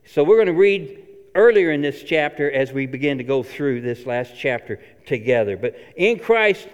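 A pastor preaching a sermon in a church, earnest and emphatic, repeating phrases for stress. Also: male voice, a little high, animated, moderate pace, darkish tone, clean tone, lo-fi sound. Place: church sanctuary. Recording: long reverb of a church hall.

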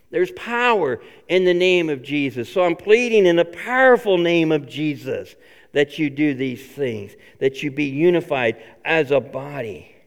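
A man preaching a sermon as pastor, earnest and repetitive, swinging between loud appeals and hushed lines. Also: sits high, smooth, long reverb tail.

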